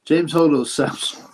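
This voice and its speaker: A man's voice: a little high, a little mellow, slight background noise. A man with a British accent hosting a live stream, reading out viewer questions and answering them in a blunt, crude, casual way. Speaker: livestream host answering chat. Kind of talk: casual live-chat commentary.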